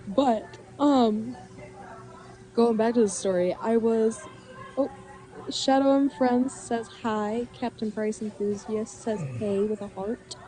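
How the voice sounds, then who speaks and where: A woman's voice: a little high, fairly even intonation, slow, mellow, poor audio. A woman chatting casually on a live stream, telling stories, laughing often and reading chat messages aloud.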